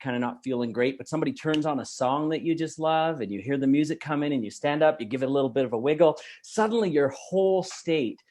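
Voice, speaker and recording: A middle-aged man from Canada, giving an energetic, emphatic motivational talk as a guest speaker. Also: fairly high pitch, fast, few pauses, a little hiss or hum. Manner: energetic, emphatic, laughs easily.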